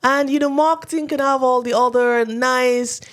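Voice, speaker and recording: A woman from Nigeria in her thirties, telling stories as a podcast guest and acting out quotes in animated voices. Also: high voice, moderate pace. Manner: animated storyteller who acts out quotes, often laughing. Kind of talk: casual interview talk.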